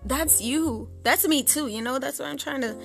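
A woman's voice: high voice, moderate pace, vocal fry, soft background music. A woman hosting her own podcast in a casual advice talk, sassy and blunt, swearing freely and slipping into bits of slang. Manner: slips into Jamaican-style slang. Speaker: podcast host.

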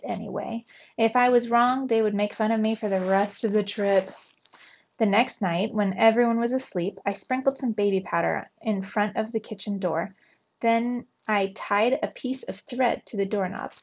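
A woman teacher reading a storybook aloud to young students, with expressive, animated delivery. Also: medium pitch, lo-fi sound.

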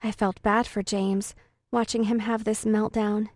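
A woman's voice: mid-range voice, flat delivery, unhurried, darkish tone, no room sound, clean studio sound. A woman narrating a first-person story in an earnest, emotional way. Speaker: audiobook narrator.

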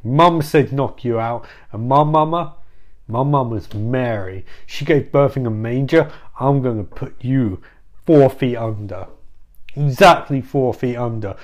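A man's voice: medium pitch, measured pace, close to an everyday voice. A man voicing a brash male Jesus who mutters blustering threats about a fistfight. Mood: threatening. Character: brash tough-talking male Jesus spoiling for a fight.

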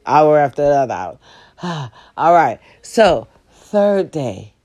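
Profane, animated woman storyteller. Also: low-pitched, slow, dull audio. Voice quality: profane, animated, talks straight to viewers. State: sore, in pain. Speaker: vlogger. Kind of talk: casual storytelling vlog. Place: sitting on her bed at home.

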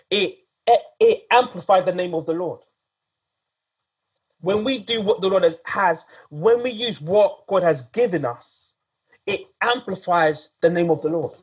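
A man's voice: high voice, slightly rough. A man preaching a sermon in a casual, conversational way, often repeating himself and speaking straight to "guys".

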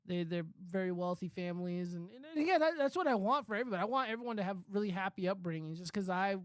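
A man's voice: high-pitched, lively intonation, fast talker, no room sound. Man, streamer host, casual rambling commentary, swears a lot, dry close sound. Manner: loose, profane, rambling with many fillers. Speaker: streamer host reading news and chat comments.

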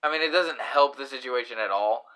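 A man's voice: medium pitch, brisk, bright, forceful tone. A man hosting a casual podcast chat, rambling with lots of fillers and restarts and acting out little voices. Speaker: podcast host.

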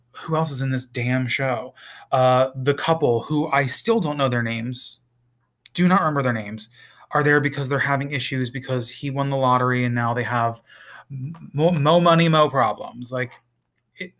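A man's voice: medium pitch, fairly bright tone. Guy ranting casually about a tv show, swears a lot, kinda exasperated and rambly. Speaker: TV reviewer. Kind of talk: casual review vlog.

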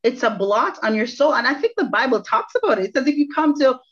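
Earnest woman, slightly high voice. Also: animated, quick pace. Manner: earnest, reflective, repeats phrases for emphasis. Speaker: interview guest. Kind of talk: personal faith testimony. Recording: dull lo-fi audio.

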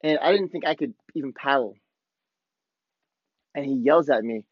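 A male podcast host telling a surf story in excited, laid-back surfer talk. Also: medium pitch, moderate pace, no echo, muffled recording. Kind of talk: casual storytelling monologue.

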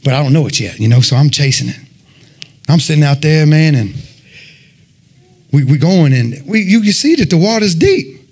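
A man giving a fervent sermon and personal testimony, telling his story in an animated way and peppering it with "man.". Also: on the high side, normal speed, long pauses, husky. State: sweating, winded after worship. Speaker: lay preacher giving testimony.

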